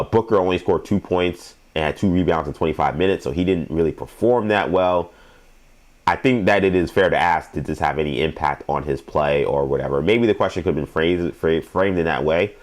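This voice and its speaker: A man's voice: very deep voice, brisk. A young adult man hosting a sports show, giving rambling, emphatic commentary and laughing at his own stories.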